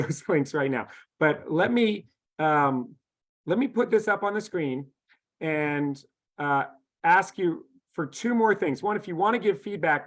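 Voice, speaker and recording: A man with a fairly high voice leads a coaching webinar over a video call. He is instructive and steady, and slows right down to read out phone numbers and codes. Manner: instructive, reads out steps and numbers slowly. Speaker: youth coaching workshop presenter. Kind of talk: webinar presentation.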